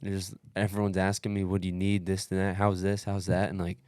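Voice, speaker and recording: This co-host speaks fast in a low voice while recounting his race on a casual podcast. His retelling is profane and lively, full of "dude," "bro," and acted-out quotes. The clean studio sound has no room sound.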